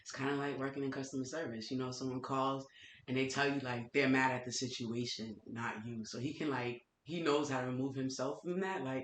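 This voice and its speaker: A man in casual podcast chat, calmly explaining his view. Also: mid-range voice, brisk. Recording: echoey room recording with faint hiss.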